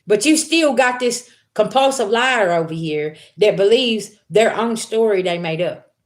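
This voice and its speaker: A woman's voice: mid-range voice, expressive, a little slow. A woman giving a blunt, profane spiritual reading to her viewers in casual talk. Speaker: spiritual reader.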